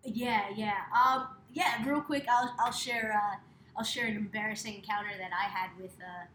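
A woman's voice: mid-range voice, fairly even intonation, normal speed, bright, forceful tone. A woman hosting a casual podcast, laughing often and rambling with lots of fillers. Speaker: podcast host. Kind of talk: casual chat. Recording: roomy echo with clear background noise.

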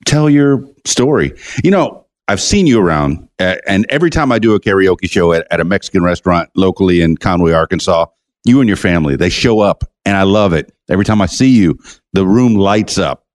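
A man hosts a relaxed podcast chat. His voice sits on the low side but bounces around a lot in pitch. He is talkative, makes jokey asides and stumbles over repeated words. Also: fairly quick. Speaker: podcast host. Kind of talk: casual interview chat.

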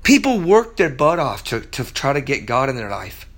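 A man's voice: mid-range voice, sing-song, moderate pace. A man preaching on a sermon podcast, teaching verse by verse. He is emphatic, stumbles through restarts and repeats words.

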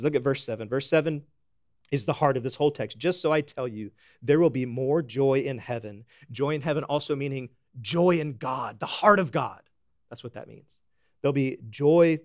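A man preaching a sermon, folksy and animated, swinging from loud exclamations to hushed emphasis. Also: mid-range voice, no echo, clean studio sound. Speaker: pastor.

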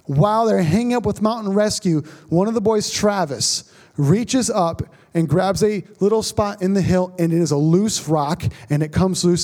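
A man preaching a sermon, telling a story dramatically and dropping to a hush at the tense moments. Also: high voice, moderate pace. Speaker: pastor.

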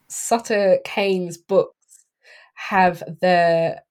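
A woman casually discussing a horror film, chatty, laughing often and filling pauses with ums. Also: fairly low pitch, fairly even intonation, a little mellow. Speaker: podcast co-host.

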